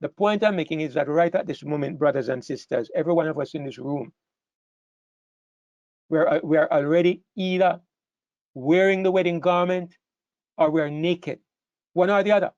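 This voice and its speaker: A man's voice: a little high, moderate pace, long pauses, darkish tone, no room sound. Earnest male preacher, dull dry sound. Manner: earnest, repeats phrases, rises to emphatic peaks. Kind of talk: sermon to a congregation. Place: church hall with a live congregation.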